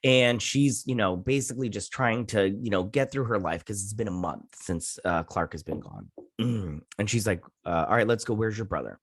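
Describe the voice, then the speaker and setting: A man's voice: on the low side, moderate pace, no echo, studio quality. A man hosting a review show, giving a loose, rambling recap of an episode with many fillers and casual swearing.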